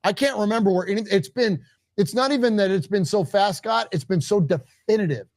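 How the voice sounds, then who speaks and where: A man co-hosting a live postgame sports show, talking with emphatic, excited fan energy and sounding out of breath. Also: high voice, fairly quick, no echo, studio quality. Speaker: co-host.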